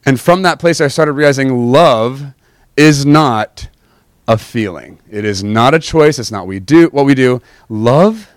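A man preaching a personal testimony, telling his story earnestly and emotionally with big swings in pitch. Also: no room sound, studio quality.

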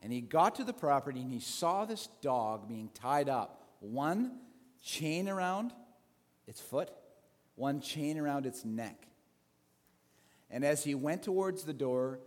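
A man's voice: mid-range voice, sing-song, a little slow. A male pastor telling a story in a sermon, conversational, with restarts and asides. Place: church sanctuary. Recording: long hall reverb.

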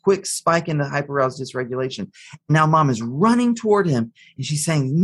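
A man's voice: fairly high pitch, animated, fairly quick, breathy edge. A man answering as an expert guest in an interview, explaining psychology through a story he tells step by step. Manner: storytelling, acts out the quotes of the figures in the story.

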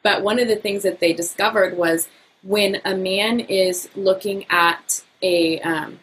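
A woman talking as a podcast guest, upbeat and animated, laughing often. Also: medium pitch, unhurried, a little hiss or hum, rough recording. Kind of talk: casual podcast conversation.

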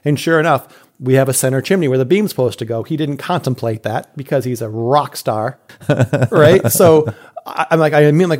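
A man's voice: medium pitch, brisk, a little mellow. A middle-aged man casually telling a story, acting out quotes and laughing often. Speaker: podcast host telling a story.

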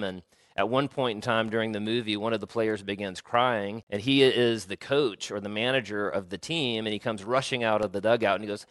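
Man, pastor, sermon, low-pitched, chatty delivery, reads scripture with emphasis, dry sound. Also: a bit bright, no echo.

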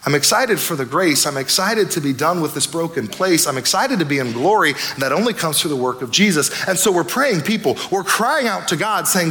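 A man pastor preaching a sermon in an energetic, conversational way, with acted asides. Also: fairly high pitch, a little fast, few pauses.

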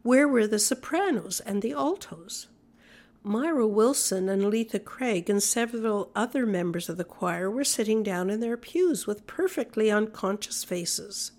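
A woman reading an old-fashioned story aloud in a measured, even storytelling manner. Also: mid-range voice. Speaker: audiobook narrator. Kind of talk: scripted narration.

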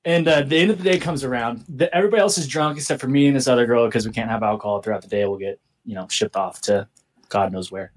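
A young man on a podcast, telling a story in casual chat with lively swearing and laughter. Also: medium pitch, fast. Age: young adult. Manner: animated, swearing, laughs through his story. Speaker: podcast co-host.

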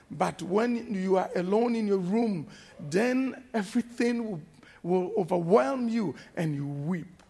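A man preaching a sermon as pastor, slow and emphatic, repeating refrains and breaking into shouted exclamations. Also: high-pitched, gravelly, breathy edge.

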